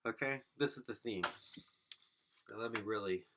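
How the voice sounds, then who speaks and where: A man alone on a silly podcast delivers a rambling comedic monologue in a lowish voice at normal speed, with background noise. He's absurd and self-mocking, addressing an imagined audience.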